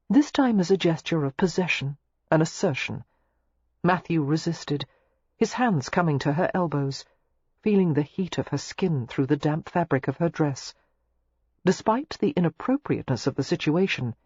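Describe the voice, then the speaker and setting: An audiobook narrator reading a romance novel in a measured, even way, recorded on a close mic. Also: mid-range voice, husky, dry recording, highs cut off.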